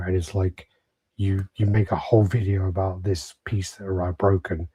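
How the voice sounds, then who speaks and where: A man with a fairly low, mellow and husky voice talks through his point on a casual podcast. He often stumbles and repeats words while he thinks aloud. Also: level tone, moderate pace, dry recording. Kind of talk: casual chat.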